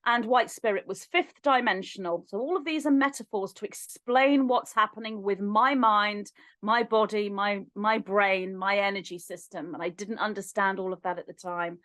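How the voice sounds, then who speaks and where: A woman as a podcast guest, telling a personal story in an animated way and acting out remembered dialogue. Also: medium pitch, normal speed, no echo. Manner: animated, acts out remembered dialogue with lively shifts in voice.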